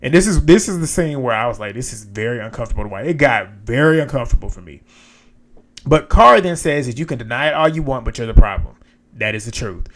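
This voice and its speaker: A man's voice: medium pitch, expressive, fairly quick, fairly bright tone. Blunt, chatty man recapping reality TV. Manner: frank, blunt, profane, chatty. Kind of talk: casual recap commentary.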